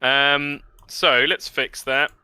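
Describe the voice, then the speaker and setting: A man narrating a tabletop game as game master, relaxed with many fillers. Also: mid-range voice, takes it slowly, clear, resonant tone, no room sound.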